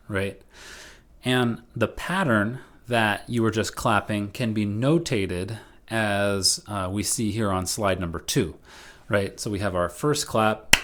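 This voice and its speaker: A man teaching a recorded music lesson over slides, casual and patient, often checking in with "right?". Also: fairly low pitch.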